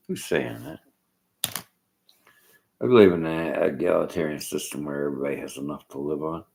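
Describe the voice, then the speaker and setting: A man's voice: low voice, vocal fry, rough recording. A man rambling through a combative, blunt political rant aimed at his viewers. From Canada.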